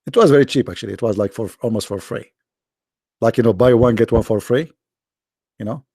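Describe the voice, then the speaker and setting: Hoarse, sarcastic man with a gravelly voice. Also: medium pitch, brisk, mellow, no echo, studio quality. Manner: sarcastic, taunting. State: hoarse, tired voice. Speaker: host of a live debate stream. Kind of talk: casual mocking live-stream talk. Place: quiet room at home.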